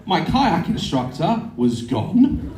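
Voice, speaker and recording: A man telling a comic story to a live audience, animated and sweary, acting out voices and screams. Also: fairly high pitch, slow pace, a loud crowd. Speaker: live show performer. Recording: echoey venue, heard from afar. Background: audience laughter.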